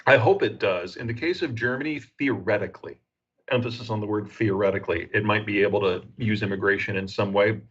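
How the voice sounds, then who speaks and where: American analyst, lower male voice, husky, measured and analytical, muffled lo-fi audio. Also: fairly bright tone. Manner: measured, analytical, frequent "uh" fillers. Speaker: geopolitical analyst guest. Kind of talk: explanatory interview answers.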